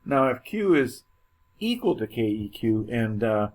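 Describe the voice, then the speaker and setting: A man's voice: medium pitch, big pitch swings, unhurried, darkish tone. A man teaching a chemistry lecture in a casual, joking way, with many fillers and restarts. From United States. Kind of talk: classroom lecture.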